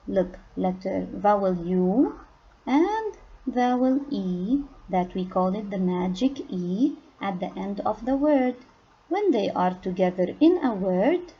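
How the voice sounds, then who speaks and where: A woman teaching a phonics lesson to young children, speaking patiently and stressing each target word loudly. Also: medium pitch, breathy edge, lo-fi sound. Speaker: kindergarten English teacher.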